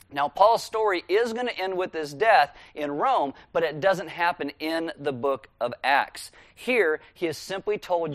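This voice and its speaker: A male pastor preaching a sermon in a relaxed, conversational way, walking listeners through scripture verse by verse. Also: on the high side, no echo.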